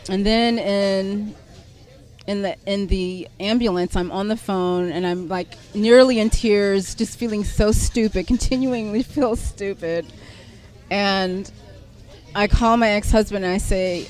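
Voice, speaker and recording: A middle-aged woman telling a personal story as a podcast guest, animated and self-deprecating, laughing often as she talks. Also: medium pitch, a little slow, soft background music. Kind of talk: conversational storytelling.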